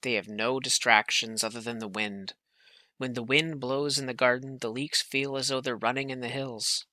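Man, storybook reader, gentle, very bright tone, dry close sound. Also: medium pitch, fairly even intonation, normal speed, no echo. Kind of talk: reading a children's book aloud.

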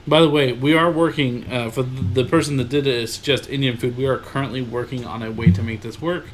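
A man co-hosting a laid-back podcast, rattling along in quick, rambling stretches. His voice sits at an ordinary middle pitch. A faint hum of room ambience lingers behind him. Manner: lively, rambling, quick bursts of talk. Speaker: podcast co-host. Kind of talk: casual podcast chat.

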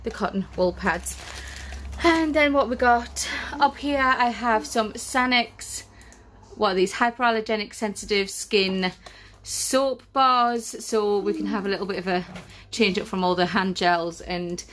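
A woman's voice: medium pitch, a little slow, fairly bright tone, slight background noise. A young woman, pregnant and out of breath, chatting through a family grocery haul and correcting herself as she goes. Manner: chatty, self-correcting, laughs easily. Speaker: family vlogger. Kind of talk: casual grocery haul chat.

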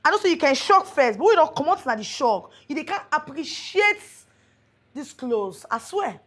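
A woman with a Nigerian Pidgin accent playing a brash, boastful young designer who talks loudly in a sing-song way. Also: high voice, sing-song, moderate pace.

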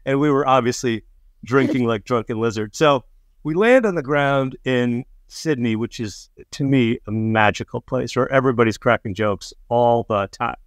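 A man's voice: medium pitch, normal speed, smooth, dry recording, clean studio sound. A man casually telling a funny road story, acting out the voices of the people in it. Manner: animated, acts out quoted voices, laughs mid-story. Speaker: storyteller guest.

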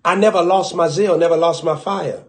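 Man preacher, Southern US accent, fervent sermon delivery that drops to hushed asides, slightly higher voice. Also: normal speed.

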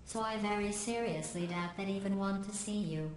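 A woman voicing a cold, sarcastic female computer overseer in a video game, with deadpan, cutting remarks. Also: medium pitch, moderate pace, slight background noise, close to an everyday voice. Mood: sardonic. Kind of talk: game dialogue.

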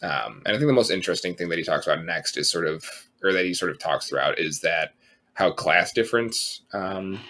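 A man co-hosting a podcast, talking in a relaxed, rambling way, full of fillers and casual swearing. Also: deep voice. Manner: relaxed, rambling, lots of um and sort of, swears freely. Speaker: podcast co-host.

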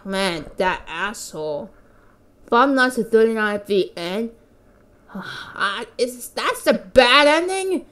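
A young woman commenting on a horror game she is playing, excitable and quick to react. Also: fairly high pitch. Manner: excitable, reacting with laughs and exclamations. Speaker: gamer. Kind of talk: let's play commentary.

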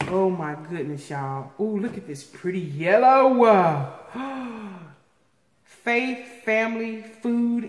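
A woman in a casual vlog, opening viewer mail. She gasps, repeats herself and gets excitable as she talks. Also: lowish voice. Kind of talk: casual unboxing chat. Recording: echoey room with faint noise.

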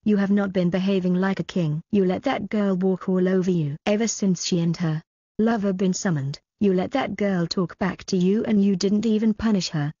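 A woman's voice: mid-range voice, fairly even intonation, normal speed, warm tone, breathy edge, no room sound, close to an everyday voice. A woman voicing an arrogant young male crown prince who talks back defensively, on dull lo-fi audio. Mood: defiant. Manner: defensive and disdainful.

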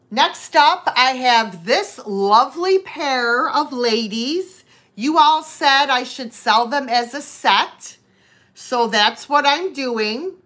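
A chatty woman hosting a live vintage sale, greeting viewers by name between items. Her voice sits high and swoops about a lot, and she talks very slowly. The tone is bright and forceful. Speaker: online vintage seller. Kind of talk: live-stream sale chat.

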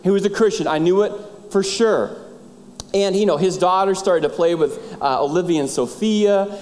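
Animated man preaching in a reverberant church. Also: high-pitched, normal speed. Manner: animated storyteller, acts out dialogue. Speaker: pastor. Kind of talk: sermon storytelling. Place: church sanctuary.

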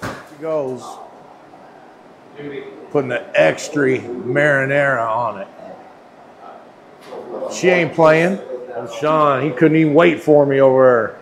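A man's voice: medium pitch, takes it slowly, long pauses, a crowd in the background, rough recording. A man, chatting casually and folksy as he films a food review vlog in a sandwich shop. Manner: folksy, chatty, playful slang. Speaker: food vlogger.

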